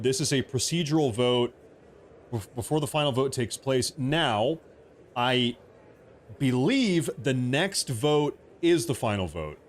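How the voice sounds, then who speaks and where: Speaking from home in a casual political livestream, this man jokes around, repeats himself and rambles through his live commentary. His voice is mid-range, with a little background noise.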